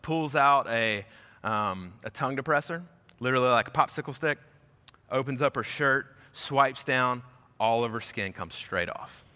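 A man gives a storytelling sermon from the pulpit with a bright, forceful voice. He tells the story with lively energy and slips into the voices of the people in it. His words ring out with a long echo through a large hall. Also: medium pitch, moderate pace, clean tone. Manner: animated storyteller acting out quoted voices. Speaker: pastor. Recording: echoey hall.

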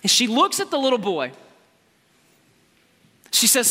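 A man preaching a sermon with passion, moving between loud exclamations and quiet asides. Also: very high-pitched, wildly swooping pitch, measured pace, long pauses. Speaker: pastor. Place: large church hall. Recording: long hall reverb with faint music.

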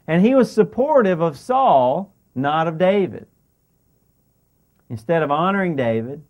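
A man preaching a sermon, animatedly acting out what the characters say and putting questions to the congregation. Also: high-pitched. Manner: animated, acts out the characters' lines in paraphrase. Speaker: pastor.

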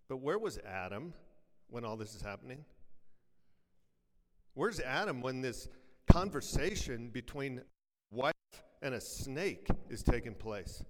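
A pastor preaching a sermon to his congregation, firing off rhetorical questions and quick jokes, then dropping to a hush for weighty lines. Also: medium pitch. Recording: long reverb, from a large church hall.

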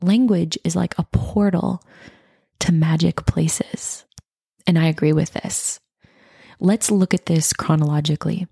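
A woman in her thirties hosting a self-help podcast, talking in an earnest, gushing way and dropping into soft, breathy passages. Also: on the low side, steady tone, unhurried, no echo, clean studio sound. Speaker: podcast host.

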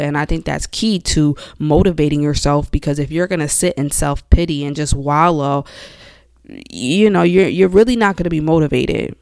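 Young woman podcast host, motivational talk, smooth but gravelly, dry close sound. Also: low voice, normal speed, a little mellow, dry recording. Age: young adult. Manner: conversational, coaching the listener directly with frequent "you know". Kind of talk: motivational self-help talk.

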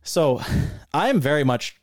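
A man's voice: fairly high pitch, very animated, slow, dry recording, studio quality. A man co-hosting a podcast, telling a story as an angry, profane rant. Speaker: podcast co-host.

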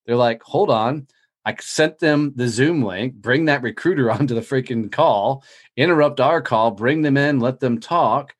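A man telling stories as a podcast guest in a casual, profane, energetic way, acting out other people's lines as he talks. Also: mid-range voice, normal speed. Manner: profane, energetic, animated storytelling with quoted dialogue. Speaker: podcast guest, business owner. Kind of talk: casual interview storytelling.

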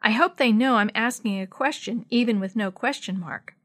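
A woman's voice: a little high, moderate pace, fairly bright tone. A woman voicing an earnest, urgent boy. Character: earnest boy, the father's son.

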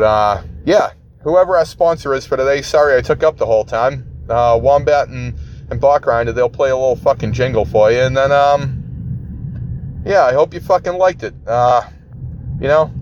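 A man ranting and swearing in a grumbling, profane way from his car in traffic. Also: mid-range voice. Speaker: ranting segment guest. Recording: muffled with loud car noise.

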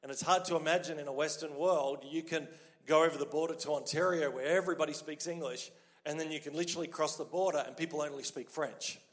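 Australian pastor preaching in a reverberant hall. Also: male voice, fairly high pitch, fast talker. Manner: lively, joking, conversational preaching. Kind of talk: sermon.

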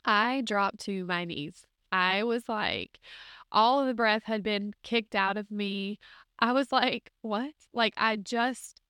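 A woman's voice: medium pitch, takes it slowly, sharp tone, smooth, no room sound, studio quality. A woman hosting a podcast, telling a personal faith story in an earnest, emotional, conversational way, often saying "like". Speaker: podcast host.

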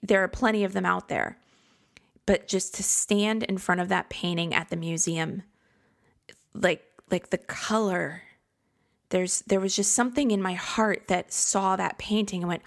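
A woman's voice: mid-range voice, creaky. A woman hosting a podcast, talking in a chatty, reflective and self-deprecating way from a home studio. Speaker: podcast host. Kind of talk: casual solo podcast talk. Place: home studio in a converted garage.

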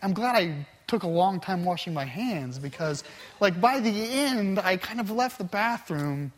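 A middle-aged man with a slightly high voice leads a Bible class. He talks in a relaxed, conversational way, and his stories come out earnest and full of restarts. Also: a little slow. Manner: earnest, anecdotal storytelling with many restarts. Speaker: Bible study teacher.

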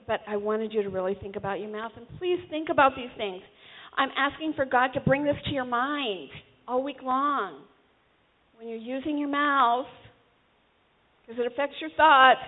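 Female preacher, high voice, conversational and exhorting, thin phone-like audio. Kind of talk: sermon.

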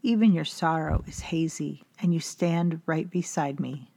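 A woman voicing a listless, dying male vampire who speaks in a slow, hollow, distant way. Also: sits low, steady tone, darkish tone, dry recording. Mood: whispering. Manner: slow, hollow, faraway delivery.

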